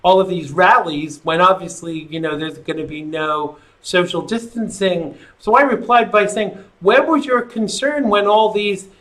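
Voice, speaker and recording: A man's voice: sits high, unhurried, few pauses, fairly bright tone. A man hosting a live call-in talk show, rambling casually and reading viewer comments aloud.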